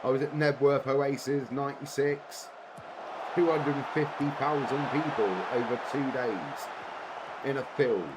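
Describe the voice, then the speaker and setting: A man's voice: mid-range voice, a little slow. A man in his forties chatting casually with viewers while playing a game on a live stream, rambling and laughing often. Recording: steady background noise.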